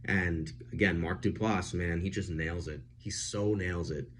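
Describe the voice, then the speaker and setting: A man chatting casually as he reviews a film, animated and full of fillers. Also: low voice, a little slow, background noise.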